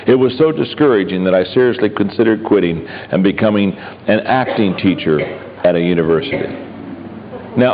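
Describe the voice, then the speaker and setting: A man preaching a humorous sermon, telling stories and cracking jokes in an animated way. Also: fairly low pitch, a little hiss or hum. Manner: animated storytelling, joking. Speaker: pastor. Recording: echoey hall, dull lo-fi sound.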